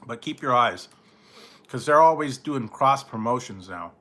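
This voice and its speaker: A man's voice: medium pitch, animated, a little slow, pushed and bright. A man talking casually as a food reviewer, rambling and trailing off with frequent chuckles. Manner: rambling, laughs often, trails off. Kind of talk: casual late-night chat.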